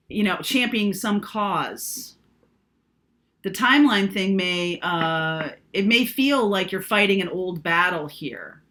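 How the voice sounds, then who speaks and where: A woman's voice: on the low side, a bit bright, a little hiss or hum. A woman doing a casual, chatty tarot reading, thinking aloud with lots of fillers. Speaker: tarot reader.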